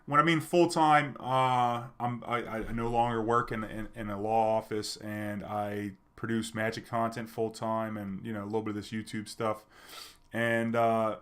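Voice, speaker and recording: A man's voice: on the low side, flat delivery, moderate pace, fairly bright tone. A man telling a personal story to his viewers in a loose, chatty way, full of fillers and restarts. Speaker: streamer and storyteller. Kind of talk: casual storytelling.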